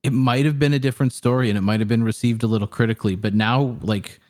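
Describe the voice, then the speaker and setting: A man's voice: mid-range voice, fairly even intonation, quick pace, a little mellow. A young man in casual chat, reviewing a film in a rambling way with lots of fillers and swearing. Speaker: podcast co-host reviewing a film.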